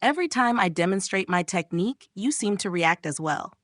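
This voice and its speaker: A woman's voice: mid-range voice, lively intonation, fairly quick, no echo, clean studio sound, close to an everyday voice. A woman voicing a cocky young man who smirks and teases his sister, in a smug, teasing tone.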